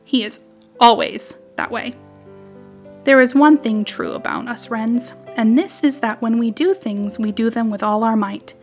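A woman narrates a children's animal story with gentle, expressive storytelling. Her voice sits fairly high. Soft music plays faintly in the background. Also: moderate pace, hardly any pauses.

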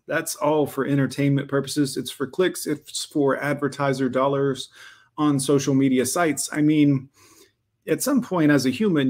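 Dude reacting to a video, dry sarcastic asides, regular voice. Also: male voice, mid-range voice, darkish tone. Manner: sarcastic, interjecting. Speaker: reaction commentator.

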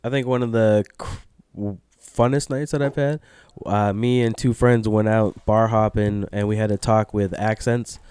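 A man who is drunk, a podcast guest telling rambling stories with swearing and halting restarts. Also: on the low side, fairly even intonation, darkish tone, clear, resonant tone, no room sound. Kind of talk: casual podcast chat.

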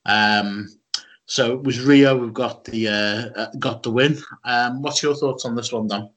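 A man's voice: medium pitch, fairly even intonation, measured pace, a bit bright. A man with a Scouse accent co-hosting a podcast, talking casually with many ums and restarts. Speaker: podcast co-host. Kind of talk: casual chat.

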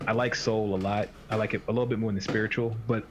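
A man's voice: on the low side, fairly even intonation, fast talker. A man talking as a fitness coach in a casual podcast chat, rambling and acting out the inner voices of his clients. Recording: dull lo-fi sound with faint hiss.

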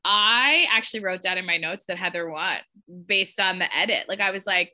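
A woman co-hosting a casual group chat about a reality show, animated and swearing casually as she acts out her reactions, heard over a video call. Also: mid-range voice, quick pace. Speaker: podcast co-host.

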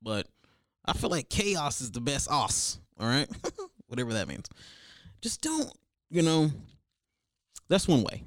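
A man's voice: mid-range voice, very animated, slow pace, pauses often, no room sound, clean studio sound. A young man hosting a comedic advice show, rambling crude and over-the-top.

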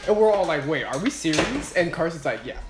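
A man's voice: on the high side, animated, brisk. A young man telling a crude, rambling story while playing poker with friends. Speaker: podcast co-host. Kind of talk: casual group chat over poker. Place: room with friends at a poker table. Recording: echoey room with loud music. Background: loud music.

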